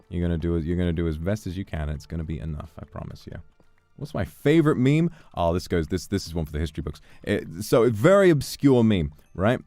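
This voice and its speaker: A young man chatting casually with his chat, playful and swearing freely, with quick restarts. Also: low-pitched, lively intonation, vocal fry, mellow, faint music behind. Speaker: streamer. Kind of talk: casual chat reading donations.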